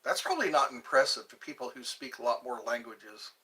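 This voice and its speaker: A man's voice: medium pitch, lively intonation, a little fast, bright, forceful tone, low-quality recording. A man from Georgia hosting his own live stream, chatting in a rambling way, jumping between topics and trying out foreign phrases. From Georgia, USA. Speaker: livestream host.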